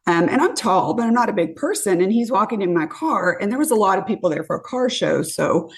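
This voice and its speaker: 50s woman on a podcast, animated storyteller, acts out every quote. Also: mid-range voice, a little fast. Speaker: podcast guest. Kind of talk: casual storytelling.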